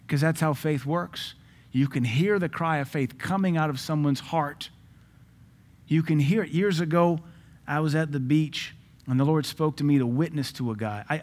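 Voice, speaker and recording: A man's voice: on the high side, a little mellow. A man preaching a sermon, telling personal stories in a conversational way.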